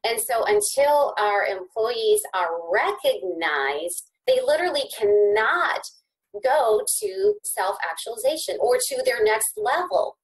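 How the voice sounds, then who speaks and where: Animated woman guest with repeated restarts. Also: slow pace, low-quality recording. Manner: animated, sweeping pitch rises when excited; frequent repeated word restarts. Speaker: podcast guest. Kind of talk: conversational interview.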